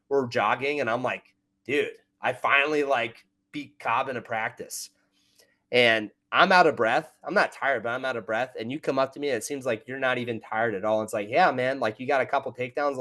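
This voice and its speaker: A man's voice: medium pitch, fairly bright tone. A man hosting a podcast, recalling anecdotes in a casual, filler-heavy way. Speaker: podcast host. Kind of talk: casual interview chat.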